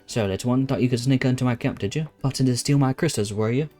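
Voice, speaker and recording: A man voicing a gruff male military commander in a game, blunt and mocking. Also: mid-range voice, quick pace, warm tone, faint music behind, close to an everyday voice.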